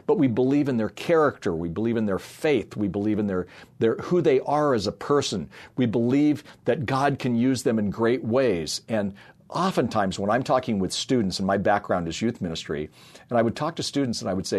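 A middle-aged man from a youth and family ministry speaks at a medium pitch with lively intonation, a brisk pace, and a darkish tone. He gives an earnest, sermon-style talk full of personal stories, acting out the voices of people he quotes.

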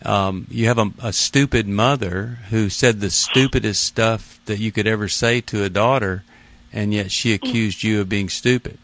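Gentle male radio host, dry studio sound. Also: lowish voice, fairly even intonation, normal speed, no room sound. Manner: gentle, reassuring, conversational with fillers. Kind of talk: call-in counseling radio show.

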